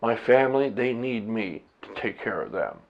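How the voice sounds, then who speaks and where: A man's voice: lowish voice, expressive, moderate pace, creaky, muffled recording. A man talking candidly to his own camera, blunt and profane, rambling with restarts as a husband and father. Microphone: camera set up by himself.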